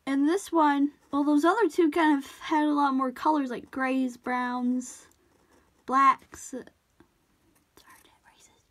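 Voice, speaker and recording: A woman's voice: high-pitched, fairly even intonation, takes it slowly, a bit bright. A woman chatting casually while she draws, rambling off-topic, apologizing and cutting herself off. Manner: rambling, self-interrupting, apologetic. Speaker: drawing tutorial vlogger.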